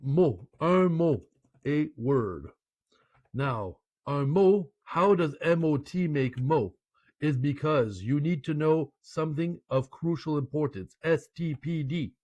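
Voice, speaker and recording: A man from Canada gives an online French lesson at a slow, unhurried pace. He is chatty and playful and keeps slipping French phrases into his English explanations. The recording is dry and close, with no room sound. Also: fairly high pitch, lively intonation, a little mellow, dry recording. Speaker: French language teacher.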